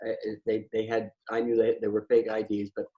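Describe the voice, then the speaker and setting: A man's voice: fairly low pitch, monotone, brisk, highs cut off. A man talking in a casual, conversational storytelling style, blunt and profane, often stammering and restarting his sentences. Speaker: patio chat host.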